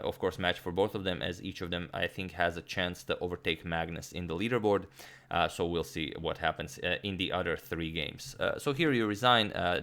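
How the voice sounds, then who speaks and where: A man analyzing a chess game move by move, explaining with frequent pauses, restarts and filler sounds. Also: low-pitched, creaky, a bit bright. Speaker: chess commentator.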